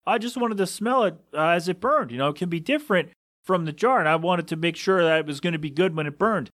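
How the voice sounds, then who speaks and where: A man's voice: fairly high pitch, expressive, fast, a bit bright, voice pushed up. Man doing a naive, earnest shopper. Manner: guileless, matter-of-fact.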